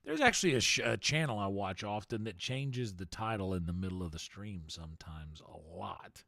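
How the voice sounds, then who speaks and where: A man's voice: fairly low pitch, lively intonation, moderate pace, gravelly, bright, forceful tone, no room sound. A male game streamer chatting to his live viewers in a theatrical, mock-formal put-on accent.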